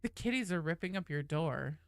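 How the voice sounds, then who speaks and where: A woman's voice: sits low, lively intonation, a little fast, dry recording. A woman streaming a game live, chatting casually and playfully with viewers and swearing freely.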